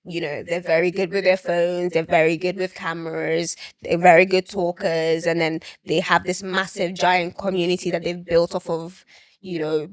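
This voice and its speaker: A young adult actress speaking as an interview guest in casual chat, expressive and quick to laugh. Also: female voice, lowish voice, no echo. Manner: expressive, laughs often, lively storytelling.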